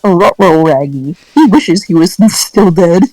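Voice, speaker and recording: A woman's voice: lowish voice, expressive, unhurried, a little mellow, no room sound, soft background music, rough recording. A woman chatting casually with a friend on stream, dropping dry wisecracks. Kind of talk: casual chat.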